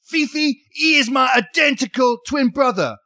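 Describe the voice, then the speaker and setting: A man's voice: extremely high pitch, expressive, normal speed, bright, forceful tone, heavily acted. A man doing a pompous mock-French husband. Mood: outraged. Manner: theatrical, exaggerated outrage. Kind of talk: comedy sketch acting.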